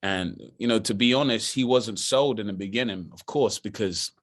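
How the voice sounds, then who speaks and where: A young man with a London accent, an actor telling lively stories in a casual interview. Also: on the low side, normal speed. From Britain. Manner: animated, laughing storyteller. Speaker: actor guest.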